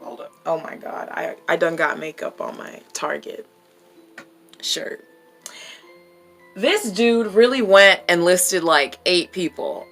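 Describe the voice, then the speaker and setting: A woman's voice: fairly low pitch, normal speed, creaky, fairly bright tone, soft background music. A woman vlogger in casual chat, blunt and emphatic, swearing freely.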